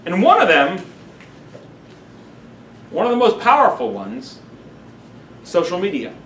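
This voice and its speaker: A man with a high-pitched voice gives a lively class lecture as a rabbi and acts out his examples for the room. He sounds a little distant from the microphone, and the room adds a noticeable echo. A faint background noise sits under his voice. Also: a little slow, vocal fry.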